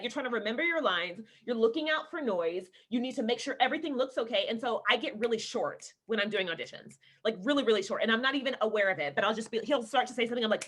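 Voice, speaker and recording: A woman from Texas, an actress telling stories in a casual video-call interview, lively and laughing as she acts out the people she quotes. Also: a little high, fast, few pauses. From Houston, Texas. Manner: animated storyteller, laughing, acting out quoted people.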